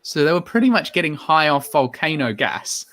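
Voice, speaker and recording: A man's voice: fairly high pitch, big pitch swings, normal speed, a bit bright. A man hosting a casual live-stream chat, musing through long rambling explanations. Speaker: host.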